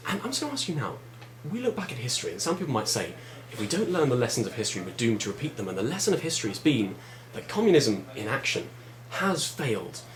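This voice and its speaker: A young man from Southern England with a Southern English accent, interviewing a guest for student radio in a lively, polite way with easy laughs. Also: mid-range voice, fast talker. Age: young adult.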